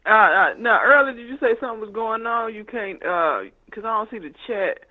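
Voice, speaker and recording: Caller on a muffled phone line, high bright voice, laughs a lot. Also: female voice, expressive, a little fast. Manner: laughs a lot, warm exclamations. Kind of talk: casual phone chat.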